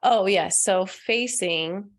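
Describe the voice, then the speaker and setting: A young woman hosting a live stream as a spiritual coach, talking softly and earnestly, laughing often and answering comments from the chat. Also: mid-range voice, slow pace. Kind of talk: casual live-stream talk.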